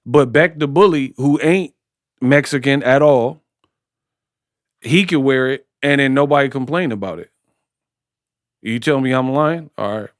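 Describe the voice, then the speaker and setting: A man's voice: medium pitch, a little slow, pauses often, no room sound, studio quality. A man giving casual watch-party boxing commentary in a slangy, joking way. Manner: slangy, joking, breaks into impressions.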